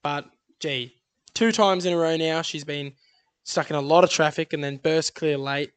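An upbeat man talks through his racing tips, rattling off odds and form. His voice sits a little higher than most men's. He sounds like a relaxed podcast co-host chatting with a friend. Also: normal speed, clear, resonant tone. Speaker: podcast co-host tipping horse races. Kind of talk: casual racing tips chat.

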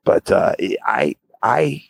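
A young man telling a long casual story over a call, acting out the quotes with sudden high voices. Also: slow pace, vocal fry, husky, rough recording. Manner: animated, acts out quotes with big jumps in pitch. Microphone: remote call audio.

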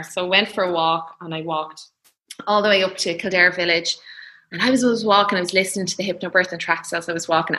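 A woman's voice: fairly low pitch, sharp tone. An Irish woman in her thirties telling a personal story in casual chat, laughing often and acting out what others said. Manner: chatty, laughs often, acts out quoted voices.

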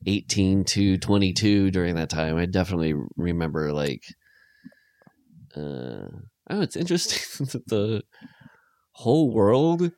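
A man co-hosting a podcast, chatting casually about a movie and rambling through his thoughts with halting restarts. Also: deep voice, very animated, darkish tone, no echo, clean studio sound. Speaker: podcast co-host.

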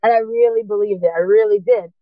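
A woman with a mid-range voice gives a personal testimony at a fast clip, her tone steady yet earnest and emotional as she acts out dialogue she remembers. The recording is dry and sounds tinny, like a phone.

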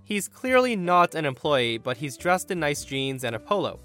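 A man hosting a podcast, narrating a story in an animated, indignant way and acting out the people in it. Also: on the high side, normal speed, faint music behind. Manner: animated, indignant retelling with quoted voices. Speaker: podcast host.

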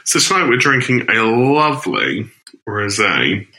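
A man co-hosting a podcast, chatting in an animated, teasing way. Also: lowish voice, a little slow. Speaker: podcast co-host. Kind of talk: casual chat.

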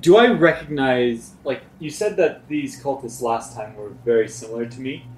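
A man playing a tabletop game, chatting casually and slowly with the group. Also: medium pitch, roomy sound, a little hiss or hum, rough recording. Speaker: player.

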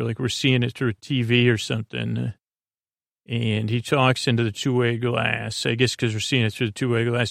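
A man's voice: medium pitch, gravelly, no echo, studio quality. A man hosting a podcast, rambling through a sleepy recap of a TV episode with many fillers and restarts. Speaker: podcast host.

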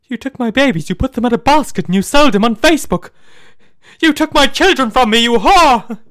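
A man's voice: extremely high pitch, lively intonation, fairly quick, fairly bright tone, pitched above the performer's own voice. A bitter, theatrical talking dog, voiced by a man in a comedy sketch. He speaks in a raised, strained voice and wails his grievances at his owner as if on stage. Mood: outraged. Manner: accusing, theatrical wailing. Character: bitter, melodramatic pet dog given speech.

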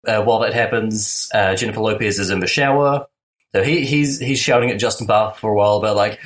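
A man co-hosting a film podcast, retelling a movie scene in a casual, deadpan and wry way. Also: lowish voice, quick pace, low-quality recording.

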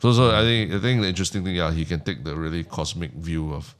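A Singaporean man talking as a podcast guest, slow and full of restarts as he thinks aloud. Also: low voice. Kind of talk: casual chat. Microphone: studio podcast mic.

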